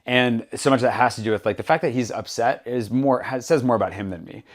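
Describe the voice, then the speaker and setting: Fast-talking male podcast host. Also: medium pitch. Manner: animated storyteller, acts out quoted exchanges. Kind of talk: casual conversation.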